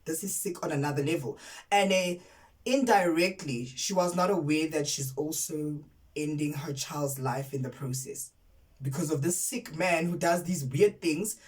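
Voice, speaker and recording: A woman's voice: deep voice, unhurried, distant mic, rough recording. A woman from South Africa giving a casual, emphatic spoken review of a TV series, often repeating words for effect. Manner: outraged and candid. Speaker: TV series reviewer, content creator.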